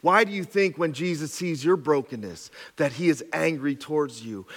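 A man preaching a sermon as a pastor, swinging between loud, urgent passages and soft, hushed ones, repeating phrases for emphasis with casual fillers. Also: a little high, normal speed, hardly any pauses. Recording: long reverb of a large hall.

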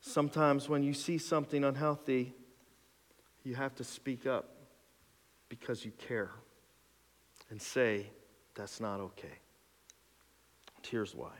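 A man's voice: medium pitch, steady tone, a little slow, long pauses. A male pastor preaching a sermon in a conversational, emphatic way, counting off numbered points, in a church sanctuary. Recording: long hall reverb.

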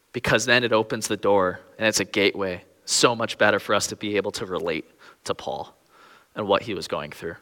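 A man's voice: fairly low pitch, bright, forceful tone, big-room sound. A young man preaching a sermon with earnest, pleading emphasis on key phrases.

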